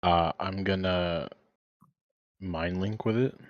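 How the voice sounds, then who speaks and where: Very deep-voiced hesitant male player. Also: fairly even intonation, slow, no room sound, dull audio. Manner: hesitant, casual. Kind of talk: casual tabletop play.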